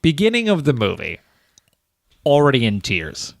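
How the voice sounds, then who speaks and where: An animated man co-hosting a podcast, with a voice that swings up and down a great deal. He talks casually, swears freely and acts out scenes in silly voices. His voice sounds close and dry, with no room around it. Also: mid-range voice, moderate pace, gravelly, no echo. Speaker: podcast co-host.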